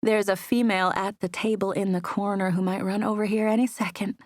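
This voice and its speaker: A woman's voice: medium pitch, little pitch movement, fairly quick, no echo, clean studio sound, natural voice. A woman as a teasing young waitress. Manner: teasing, playful. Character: teasing young woman working behind a bar.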